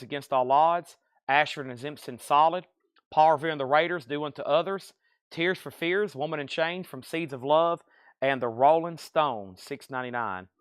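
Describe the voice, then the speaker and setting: A man running a live record sale stream, rattling off titles, buyers and prices in a brisk, upbeat patter, with a noticeable accent of his own. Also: fairly high pitch, a bit bright, smooth, dry recording. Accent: regional accent he mentions himself. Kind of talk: live sales stream, reading out items and buyers.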